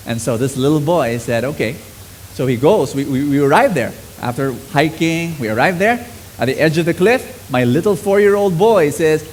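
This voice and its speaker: A middle-aged man preaching a sermon to a congregation, swinging between loud exclamations and soft, low lines. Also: animated, moderate pace, slight background noise, rough recording.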